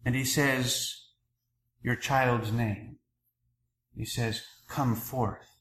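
A man preaching a sermon as a priest, earnest and measured, pausing between phrases. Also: medium pitch, roomy sound, a little hiss or hum, poor audio. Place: church.

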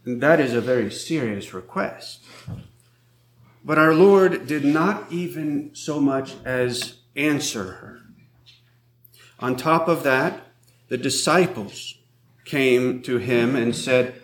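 A man preaching a sermon as a priest, in a slow, measured way, reading scripture aloud. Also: mid-range voice, echoey room, a little hiss or hum.

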